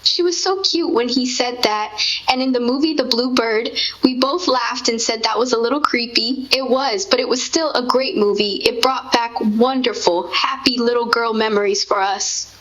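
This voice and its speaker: A woman's voice: fairly high pitch, normal speed, fairly bright tone. A woman reminiscing in a sentimental, gushing way, in casual chat with her partner. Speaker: co-host. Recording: dull lo-fi sound.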